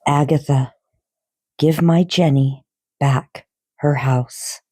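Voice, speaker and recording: A woman voicing a stern ghostly message in a slow, grave, measured tone. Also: deep voice, steady tone, warm tone, slightly rough, dry recording, heavily acted.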